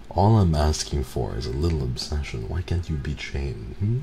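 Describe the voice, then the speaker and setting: Very deep gravelly man, teasing ASMR chat. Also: moderate pace, hardly any pauses. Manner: teasing, playful, mock-offended. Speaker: streamer. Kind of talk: soft-spoken ASMR stream chat. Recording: steady background noise.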